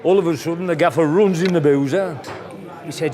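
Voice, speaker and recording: A man's voice: fairly high pitch, brisk, crowd noise. Chuckling man in his sixties. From Black Country, England. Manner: chatty, chuckling anecdotes in local slang. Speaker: retired pub enthusiast. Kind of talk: casual storytelling interview.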